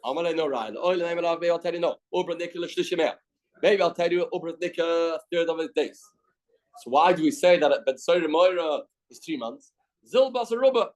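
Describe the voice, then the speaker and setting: Man, Canadian accent, Talmud teacher, fairly high voice, reads Aramaic and explains in English, repeats key phrases. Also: lively intonation, fairly quick, rough recording. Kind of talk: daily Talmud class.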